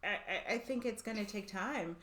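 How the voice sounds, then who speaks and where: A woman in a podcast chat with a mid-pitched voice. She talks in a thoughtful, agreeable way and often stops to restart her sentences. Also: normal speed, a bit bright. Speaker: podcast co-host. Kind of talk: casual chat.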